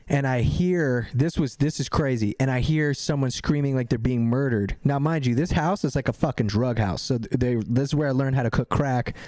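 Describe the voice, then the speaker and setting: A man's voice: mid-range voice, no echo, studio quality. A man on a livestream answering fan questions, telling rambling stories full of swearing and restarts. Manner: profane, excited, rambling with many restarts. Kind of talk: casual storytelling Q&A.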